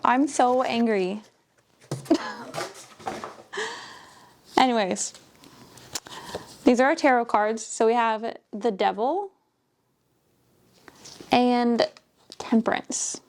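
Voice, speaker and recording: Slow, gushing higher-pitched woman. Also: slight background noise. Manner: gushing, breaks into gasps and soft whispers. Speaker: book vlogger. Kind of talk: casual unboxing chat.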